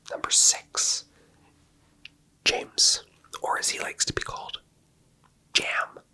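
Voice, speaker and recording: A man doing an ASMR video, speaking in a slow, soft, playful whisper. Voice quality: breathy. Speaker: ASMR creator.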